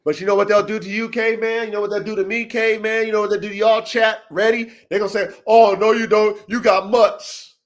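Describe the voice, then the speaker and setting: A man's voice: sits high, little pitch movement, quick pace, few pauses, fairly bright tone. Emphatic, preachy male podcast host. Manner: emphatic, preachy, repetitive pep-talk with profanity. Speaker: podcast host, dog breeder. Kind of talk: casual livestream podcast talk. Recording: roomy echo.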